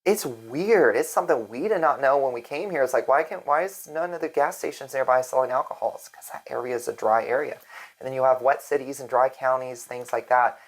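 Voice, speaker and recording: A real estate agent from Alexandria, Virginia chats casually to camera in an upbeat vlog, her bass voice fairly quick. The recording is rough.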